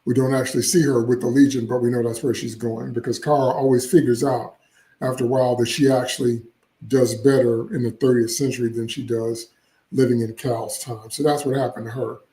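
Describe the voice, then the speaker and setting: A man's voice: medium pitch, little pitch movement, brisk, warm tone, echoey room, rough recording. A man hosting casual solo commentary, opinionated and chatty with frequent asides. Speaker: comics channel host.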